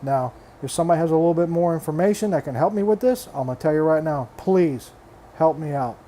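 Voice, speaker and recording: Older male hobby vlogger, blunt and fed up, mellow tone, faint room noise. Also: a little high, animated, fast. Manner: exasperated, blunt, swears freely; repeats himself, restarts phrases. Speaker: reef aquarium hobbyist vlogger. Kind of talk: frustrated casual rant.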